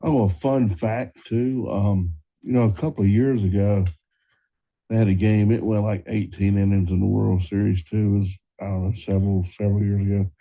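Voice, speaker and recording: A man's voice: fairly low pitch, little pitch movement, normal speed. A man on a podcast sharing a fun fact in a hesitant, wry casual chat. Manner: hesitant, full of fillers, wry. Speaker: podcast co-host. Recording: dull lo-fi podcast audio.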